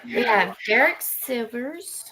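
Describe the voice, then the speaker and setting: A woman's voice: on the high side, lively intonation, crowd noise, poor audio. A woman, casually thinking aloud while playing a mystery game. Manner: slow, unhurried, musing aloud. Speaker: co-player on a live stream.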